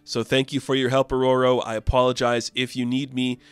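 A man's voice: medium pitch, completely flat delivery, fairly quick, clear, resonant tone, no echo, lightly acted. A man voicing an earnest male thunder god who speaks formally.

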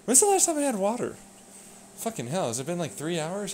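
A man in a rambling, profane vlog rant that swings between low muttering and loud outbursts. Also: huge pitch swings, brisk, a little hiss or hum. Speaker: vlogger. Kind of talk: ranting monologue.

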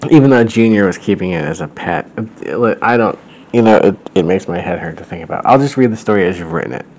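A man's voice: lowish voice, lively intonation, quick pace, darkish tone, low-quality recording. A man hosting a show, reading a story aloud with wry, amused commentary. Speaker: host.

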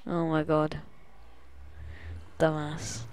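A woman's voice: sits low, monotone, very slow, vocal fry, darkish tone, low-quality recording. A woman playing a video game and acting as game master, reading a quest aloud with drama and yelping when things go wrong. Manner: reads dramatically, then yelps and complains.

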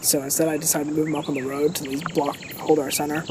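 Man walking through his game, laid-back and rambly, voice on the higher side. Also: fast, noisy background. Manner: relaxed, rambling, self-correcting. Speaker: game video host. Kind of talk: casual gameplay commentary. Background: loud background music.

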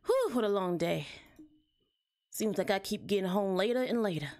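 A woman with a Southern accent voicing a weary, hardworking mother rabbit in a game, talking with a tired, soft drawl. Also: mid-range voice, expressive, moderate pace, close to an everyday voice. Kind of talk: game voice-acting.

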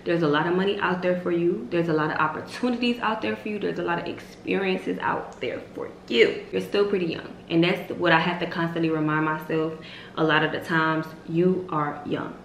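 A woman in her twenties giving emphatic, repetitive motivational faith talk as a vlog host, with sudden loud high exclamations. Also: steady tone, a little fast, creaky. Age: 20s. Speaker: vlogger host. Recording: roomy echo with faint hiss.

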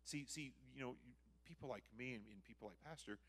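A man preaching a sermon in a church, conversational and animated, acting out quotes from the text. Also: medium pitch, fast, breathy edge. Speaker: guest preacher. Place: church sanctuary.

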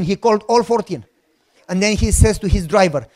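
A man with a Romanian accent telling a personal testimony as a sermon, acting out the dialogue and bursting into shouts. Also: sits high, fairly quick. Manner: animated storytelling with acted-out dialogue and shouted outbursts. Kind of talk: sermon storytelling.

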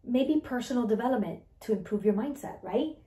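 A woman coaching her listeners on mindset, talking in an animated way and asking "right?" again and again. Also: on the high side, fairly quick, echoey room. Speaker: mindset and weight-loss coach. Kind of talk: motivational talk to listeners.

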